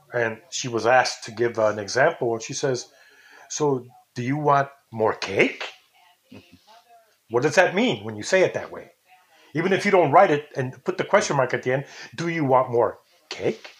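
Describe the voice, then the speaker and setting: An older man hosting a casual talk show, rambling and indignant, sometimes imitating how people say things. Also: mid-range voice. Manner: rambling, indignant, mimics intonations. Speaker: podcast host.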